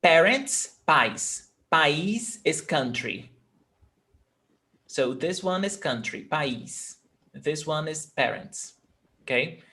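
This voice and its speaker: Slow patient language teacher, says words over and over, mixes english and portuguese. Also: mid-range voice, fairly bright tone. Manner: patient, repeats and sounds out words, switches between English and Portuguese. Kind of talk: live online language class.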